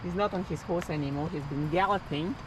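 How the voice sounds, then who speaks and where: A woman's voice: fairly low pitch, fairly quick. A middle-aged Australian woman, a mother filming her family's camping trip, talking in a playful, teasing way by a river. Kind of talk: casual travel vlog chat. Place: outdoor campsite by a river. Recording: noisy outdoor phone recording.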